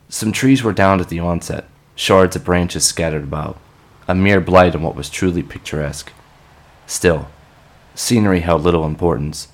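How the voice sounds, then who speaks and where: A man giving scripted narration for an audio drama in a measured, grim storytelling manner. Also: sits low.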